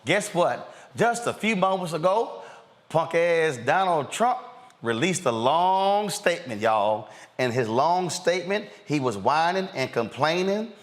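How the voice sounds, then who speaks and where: Animated, mocking man hosting commentary. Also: a little high, a little slow. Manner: mocking, animated, slangy, with rising outbursts. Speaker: host. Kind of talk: lively commentary.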